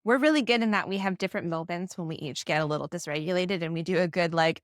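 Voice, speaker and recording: A woman's voice: on the low side, lively intonation, fast talker, hardly any pauses, no room sound. Chatty woman on a dry-sounding parenting podcast. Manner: agreeable, chatty, shares personal examples. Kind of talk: casual podcast conversation.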